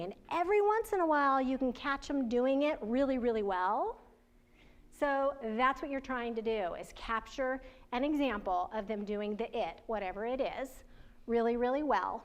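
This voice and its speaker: Woman, workshop presenter, conversational and chatty, voice a touch high. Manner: conversational, chatty, laughs often, asks the audience questions. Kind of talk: training presentation to parents and educators.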